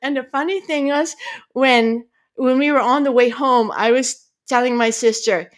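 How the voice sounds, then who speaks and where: A middle-aged woman, a pediatrician and podcast guest, telling a family story in an animated, expressive way. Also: sits high, normal speed.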